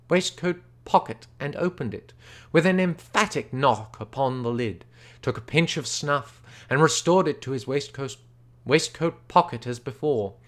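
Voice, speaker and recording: A man reading an old short story aloud unrehearsed, with steady narration and occasional stumbles. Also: fairly high pitch. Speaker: reader.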